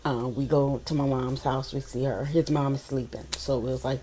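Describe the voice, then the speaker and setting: Brief: young woman, New Orleans accent, low-pitched, easygoing storytime vlogger who repeats herself as she tells a story. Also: moderate pace, noisy background. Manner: chatty, relaxed, repeats phrases while telling a story. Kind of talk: casual storytime.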